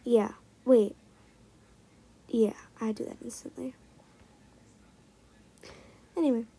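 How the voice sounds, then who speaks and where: Young woman, high pitch, husky, mellow tone, excitable game commentary, muttered asides. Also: slow, poor audio. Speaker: gaming vlogger. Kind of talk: casual gameplay commentary.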